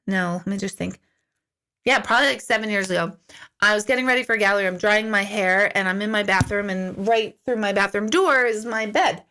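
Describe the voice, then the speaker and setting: A middle-aged woman hosting a casual live-stream Q&A as an intuitive, chatty and storytelling, acting out her own remarks in lively asides. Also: medium pitch, brisk. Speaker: intuitive medium answering viewer questions.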